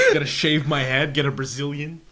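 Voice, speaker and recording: High, animated young man joking around. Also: normal speed, noisy background. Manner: joking, crude, laughing often. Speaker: podcast co-host. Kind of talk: casual chat.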